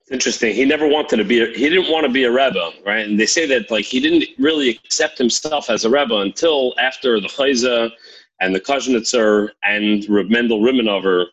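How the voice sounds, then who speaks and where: A man with a husky voice tells a story in a calm, thoughtful way and uses Hebrew terms. It is a relaxed conversation. His voice sits at a medium pitch. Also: a little fast, lo-fi sound. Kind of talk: casual storytelling chat.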